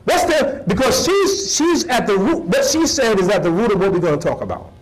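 An imam giving an animated sermon-style lecture to a live audience, repeating phrases for emphasis and putting questions to the listeners. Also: male voice, high voice, fairly quick, rough recording. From United States.

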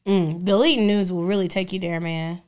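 A young adult woman co-hosting a podcast, telling stories in a profane, animated way and acting out the voices of the people in them. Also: on the low side, a little fast, smooth. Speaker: podcast co-host. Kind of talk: casual podcast storytelling.

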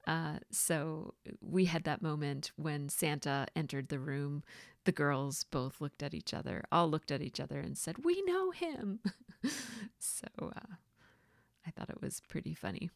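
A woman chatting casually in a voice-over as she narrates her scrapbooking process, rambling a little and filling pauses with fillers. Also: low voice, dry recording, clean studio sound. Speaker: scrapbooking vlogger.

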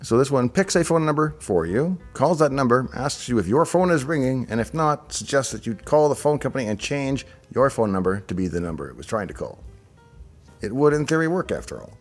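A man's voice: mid-range voice, big pitch swings, a little fast, soft background music. A middle-aged man hosting a show, casually thinking aloud as he reacts to on-screen designs with chatty asides. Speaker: show host reviewing software designs.

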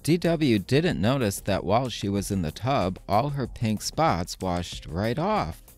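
Slow, expressive male storyteller. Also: lowish voice, faint music behind. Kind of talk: children's storybook read-aloud.

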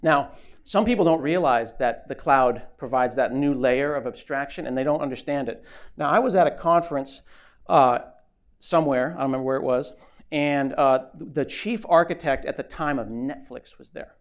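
A man giving a comic conference keynote on stage, animated and joking, acting out little voices as he tells stories. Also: medium pitch, moderate pace. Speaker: keynote speaker. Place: conference stage before an audience.

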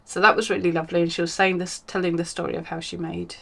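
A woman's voice: lowish voice, flat delivery, quick pace, gravelly. A woman hosting a crafting podcast from home, chatting casually and rambling, with many ums and self-corrections. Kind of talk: casual chat.

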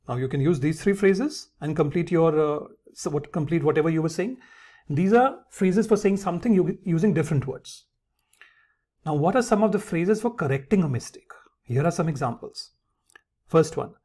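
A man's voice: on the high side, expressive, moderate pace, mellow, slightly rough. A man teaching English phrases in an instructional lesson, calling his viewers friends and reading example sentences aloud.

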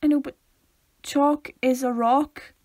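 Playful high-voiced Northern Irish woman. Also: dry recording. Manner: playful, deadpan jokes, reads aloud haltingly. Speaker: podcast co-host. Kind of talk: casual chat.

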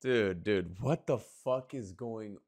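A man's voice: lowish voice, slow, a little mellow, a little hiss or hum. A young man casually reacting to an anime as he watches, swearing freely and filling his talk with "bro" and "like.". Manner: swears a lot, says bro and like. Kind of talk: casual live reaction commentary.

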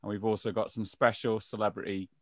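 A man hosting a podcast, talking in a relaxed, jokey way. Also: lowish voice, fast talker, no echo. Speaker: podcast host. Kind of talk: casual chat.

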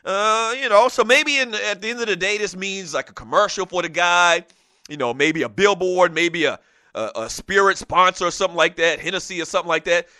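A man from the South Carolina Lowcountry hosts a sports talk show. He speaks in a high, bright, forceful voice and rambles along with plenty of fillers. The recording is close and dry. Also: a little fast, clear, resonant tone, dry recording. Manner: animated, rambling, with many fillers. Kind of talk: solo radio talk monologue.

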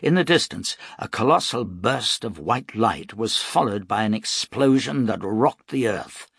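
Male audiobook narrator, measured dramatic delivery, husky voice, dry close sound. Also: lowish voice, lively intonation, a bit bright, no echo.

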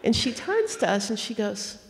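Woman, higher voice, animated storyteller, acts out quotes, long hall reverb, live event. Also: moderate pace. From United States. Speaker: author in conversation. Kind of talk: storytelling conversation on stage. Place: auditorium stage.

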